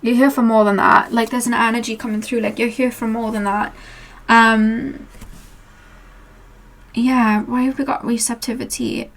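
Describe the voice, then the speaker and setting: A woman giving a pick-a-card tarot reading, talking to the viewer in a rambling, earnest, gently reassuring way. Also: on the high side, level tone, normal speed, pauses often. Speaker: tarot reader and channeler.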